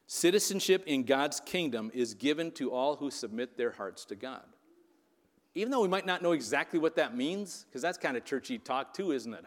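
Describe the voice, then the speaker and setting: A man's voice: fairly high pitch, big-room sound. A man preaching a sermon as pastor, in a conversational way that keeps checking in with the congregation. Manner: conversational, keeps asking "right?".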